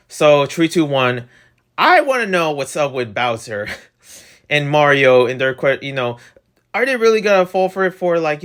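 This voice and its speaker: A young man reviewing a video game in a rambling, excitable way, full of fillers. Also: medium pitch.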